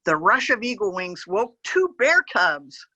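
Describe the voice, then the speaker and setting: A woman reading a picture book aloud to children as a park educator, gently pointing to the pictures and adding animal sound effects. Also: medium pitch, sing-song, a little slow, muffled recording, slight background noise.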